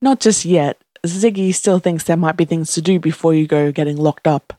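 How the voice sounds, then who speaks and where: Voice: medium pitch, fairly even intonation, moderate pace, mellow, no echo, studio quality, lightly acted. A narrator reading a chatty male sidekick, slightly raised and upbeat.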